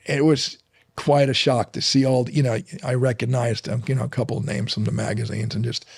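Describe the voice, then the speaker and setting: A man's voice: medium pitch, level tone, fairly quick, vocal fry, slightly rough, dry recording. A middle-aged man from Berlin with a German accent, a guest in a casual interview, telling stories with many restarts and fillers. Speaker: guest, fitness trainer.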